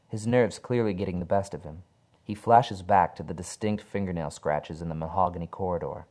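A man reading a horror story aloud in a dark, measured storytelling manner. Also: sits low. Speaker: narrator.

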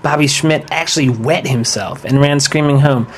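An actor playing a laid-back teen rocker slacker who keeps calling people dude and bro. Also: male voice, mid-range voice, moderate pace, a little hiss or hum, lightly acted. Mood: storytelling.

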